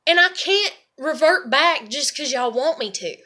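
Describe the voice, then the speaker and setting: A woman's voice: high voice, lively intonation, unhurried, pushed and bright. A woman rambling casually to camera, swearing freely and leaning on "you know" and "like.". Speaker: vlogger.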